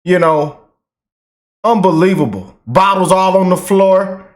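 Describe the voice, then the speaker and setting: A man hosting a reaction channel, talking casually and excitedly to his viewers in fast bursts. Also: sits high. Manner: excited, animated, talks fast in bursts, drawls slow commands. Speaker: commentary channel host.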